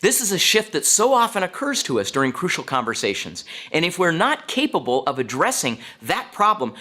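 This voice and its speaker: Animated middle-aged man telling a story. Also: on the high side. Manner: animated, acts out quoted dialogue. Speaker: speaker. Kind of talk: storytelling talk to an audience.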